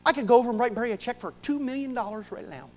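A man preaching a sermon to his church, swinging from loud bursts to hushed asides. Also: very high-pitched, rapid-fire, in a large hall, poor audio. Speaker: pastor.

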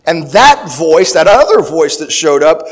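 A man giving a sermon, reading scripture verses aloud and then explaining them, with restarts and fillers, louder and higher on key points. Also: sing-song, measured pace. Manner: grows louder and higher when stressing points. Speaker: preacher.

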